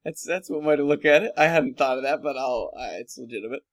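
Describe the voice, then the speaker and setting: Guy cohost joking around, does goofy little voices, normal pitch. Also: fast. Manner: jokey, slips into silly voices. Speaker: podcast co-host. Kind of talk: casual comedic chat.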